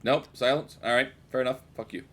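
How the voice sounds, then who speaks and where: A man's voice: medium pitch, fairly even intonation, brisk, fairly bright tone. A British man streaming a game, rambling and joking with his chat and swearing freely. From United Kingdom. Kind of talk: casual gameplay commentary.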